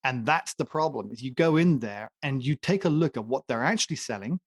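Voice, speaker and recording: A man's voice: mid-range voice, expressive, brisk, dry recording, studio quality. A man co-hosting a casual talk show, ranting emphatically and joking as he makes his case. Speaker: podcast co-host. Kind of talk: opinionated casual chat.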